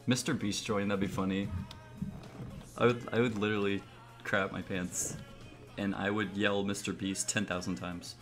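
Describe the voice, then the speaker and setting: A man's voice: on the low side, steady tone, normal speed, music in the background. A young man streaming live, goofily chanting a name over and over between casual asides to his chat.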